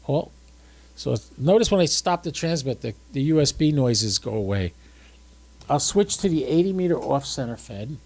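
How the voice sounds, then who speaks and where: A drowsy man talks casually through his radio setup, thinking aloud as he adjusts the equipment. His voice sits at an ordinary middle pitch. The sound is dry, with no room echo. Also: animated, normal speed, a little mellow. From United States. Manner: chatty, thinks aloud while working the radio. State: drowsy and tired. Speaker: ham radio livestream host. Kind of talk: casual livestream demonstration.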